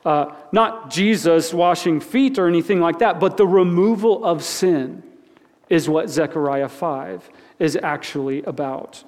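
Unhurried and on the high side, with a darkish tone, a man delivers a conversational church sermon. He talks informally, repeats words and asks listeners questions, all under the long reverb of a large hall.

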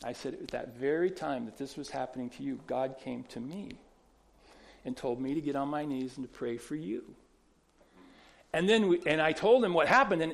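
A man pastor preaching a sermon, telling stories conversationally with many restarts and repeated words. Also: fairly high pitch.

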